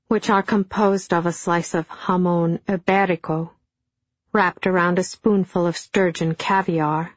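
A middle-aged woman narrating an audiobook in a dry, deadpan storytelling manner. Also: lowish voice, dry recording. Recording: dull, dry studio sound.

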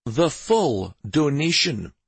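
Guy doing a stern prince, husky voice pushed up higher, slow and heavy, bossy. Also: lively intonation, no echo. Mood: fatherly. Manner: imperious, measured threats. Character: stern commanding adult male prince, fiercely protective.

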